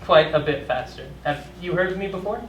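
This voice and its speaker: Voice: mid-range voice, a little fast, natural voice. A performer reading an earnest, anxious young male delivery driver in a staged reading of a play. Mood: sheepish. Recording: echoey room, distant mic, noisy.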